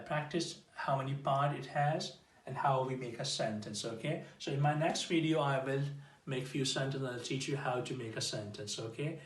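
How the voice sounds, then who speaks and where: A man teaching an informal English grammar lesson, explaining slowly and repeating himself, checking in with "okay?" after nearly every phrase. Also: medium pitch, distant mic. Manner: slow, repetitive explaining with restarts. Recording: echoey room, voice off-mic.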